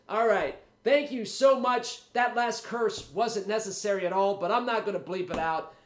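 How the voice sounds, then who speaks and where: A man's voice: high-pitched, moderate pace, roomy sound. A man hosting a wrestling podcast while sick with a cold, rambling and hyped, with a salty, profane streak. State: has a cold, congested. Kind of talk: casual solo podcast talk.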